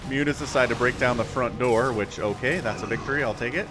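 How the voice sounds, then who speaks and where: A man casually casting a strategy game on a live stream, chatty and quick to laugh. His voice sits in a middle pitch. Background music runs steadily behind him. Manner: chatty, laughs often, talks to chat. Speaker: game caster, channel host.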